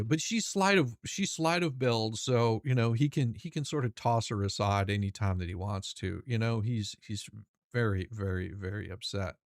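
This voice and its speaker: A man's voice: fairly low pitch, no room sound, clean studio sound. A man hosting his channel, reading court documents aloud and mocking the people in them, rambling with many restarts and swearing. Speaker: channel host.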